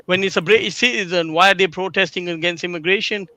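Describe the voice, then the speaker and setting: A man's voice: high-pitched, fast, sharp tone, no room sound. A man in a heated live podcast panel debate, arguing and cutting in on others. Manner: argumentative, interrupting.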